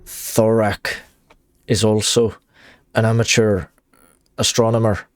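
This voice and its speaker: A man voicing a scheming male noble quest giver in a game, putting on an Irish accent and reading slowly, with many halting repeats. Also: on the low side, little pitch movement, dry recording. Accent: Irish, put on badly. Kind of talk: reading game dialogue aloud.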